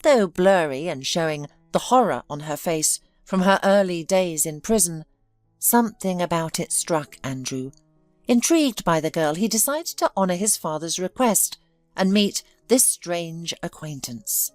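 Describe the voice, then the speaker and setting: A woman's voice: on the low side, expressive, a little slow, darkish tone, no room sound, faint music behind. A woman telling a dramatic story in scripted narration.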